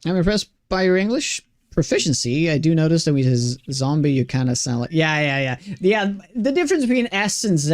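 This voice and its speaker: Chatty Swedish-accented young man streaming. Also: fairly high pitch. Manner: chatty, self-deprecating, many restarts and fillers. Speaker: game streamer. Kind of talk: casual chat while gaming.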